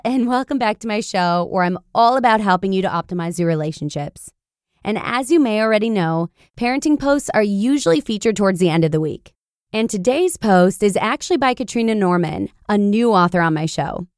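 A woman podcast host reading a blog post aloud in an expressive, animated storytelling manner. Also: medium pitch, normal speed, smooth, no echo, clean studio sound.

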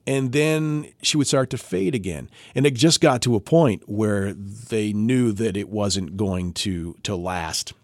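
In clean studio sound with no room sound, a man with a lowish voice talks a little slowly, hardly pausing. Co-hosting a podcast, he tells a story in casual conversation, animatedly performing the quotes.

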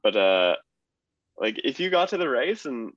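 A man's voice: medium pitch, a little slow, no echo, dull audio. A man, a cyclist guest, telling a story in casual chat with lots of fillers and laughter. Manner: relaxed, laughs through stories, many fillers.

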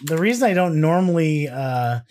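A man's voice: a little high, animated, moderate pace, darkish tone. A man co-hosting a casual podcast chat, talking in a goofy, rambling way. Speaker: podcast co-host.

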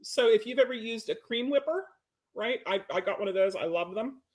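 A woman's voice: fairly high pitch, animated, brisk. A woman dog trainer talking casually on a podcast-style webinar from her home, chatty and firm about discipline, often checking in with "right?".

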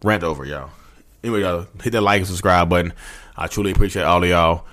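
Deep-voiced, fast-talking fervent man. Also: fairly bright tone. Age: 30s. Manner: rambling, repetitive, fervent, addresses listeners as y'all. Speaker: podcast host. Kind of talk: impassioned motivational rant.

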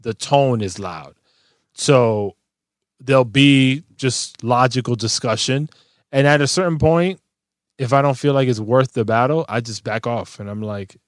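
A man in casual chat about family life, animated and swearing freely. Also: mid-range voice, normal speed, no echo, studio quality. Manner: animated, swearing, loud when joking. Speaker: father in a podcast talk.

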